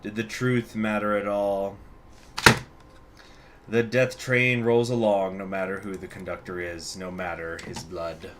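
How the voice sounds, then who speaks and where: A man's voice: lowish voice, little pitch movement, a little slow, background noise. A man hosting a gaming video, reading story text aloud with casual, profane asides. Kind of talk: let's play with story reading.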